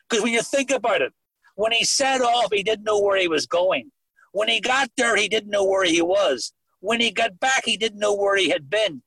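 A man's voice: high-pitched, fairly bright tone, husky, no echo, poor audio. A middle-aged man with a Northern Irish accent, giving earnest personal testimony with dry humor on a video call. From Northern Ireland. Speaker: recovery meeting speaker.

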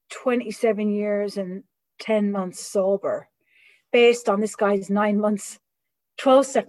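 A middle-aged woman giving a candid personal recovery talk, animated and acting out the voices of people she quotes. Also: medium pitch, low-quality recording. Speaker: recovery speaker.

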